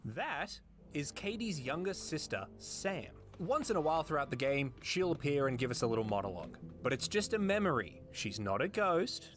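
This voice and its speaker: A comedy co-host who narrates a video game in a dry, matter-of-fact way, playing the sidekick. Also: male voice, fairly high pitch, very animated, normal speed, a bit bright, soft background music.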